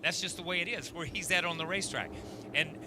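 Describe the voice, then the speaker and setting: A man's voice: fairly high pitch, quick pace, noisy background. A middle-aged man co-hosting a racing show, explaining emphatically in casual chat. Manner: animated, emphatic explaining with restarts. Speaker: racing analyst co-host.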